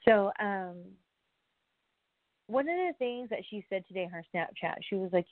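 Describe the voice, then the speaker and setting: A woman telling a rambling story in a casual vlog, full of fillers and asides, dropping to hushed whispers and then bursting out. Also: medium pitch, animated, normal speed, long pauses, no room sound. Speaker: wrestler. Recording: tinny phone-like, dry sound.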